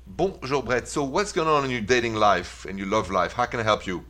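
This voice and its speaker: A man's voice: mid-range voice, brisk, bright, forceful tone. A man hosting a call-in radio advice show in a chatty, encouraging way.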